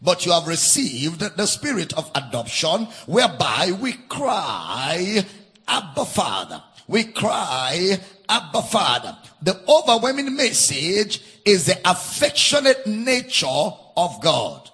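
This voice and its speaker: A man's voice: high voice, sing-song, takes it slowly, hardly any pauses, a bit bright, husky. A man preaching a sermon at a church camp meeting, stressing and repeating key phrases and spelling out words for note-takers. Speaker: pastor.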